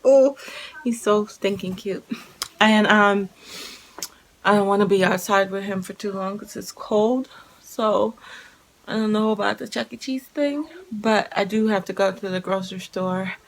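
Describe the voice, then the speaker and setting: A Jamaican mom in her 30s vlogs casually to camera at home, talking slowly and rambling, repeating things, speaking in bursts with sudden loud calls. Her voice is mid-range.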